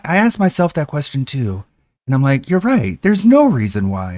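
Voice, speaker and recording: A man's voice: fairly high pitch, wildly swooping pitch, normal speed, darkish tone, dry recording. A man streaming reaction commentary, mocking another streamer with sarcastic, profane impressions.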